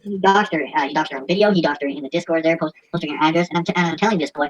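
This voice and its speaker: A woman's voice: low-pitched, racing, low-quality recording. A woman hosting a podcast in casual, profane chat, mocking and laughing, stumbling as she reads aloud. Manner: crude, mocking, laughs often; stumbles while reading aloud. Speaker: podcast host.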